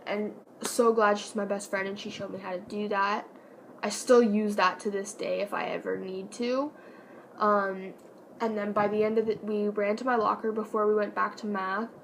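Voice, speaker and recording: A young woman casually telling a personal story on her vlog, chatty and animated, with lots of fillers. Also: medium pitch, moderate pace, slight background noise, rough recording. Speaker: vlogger.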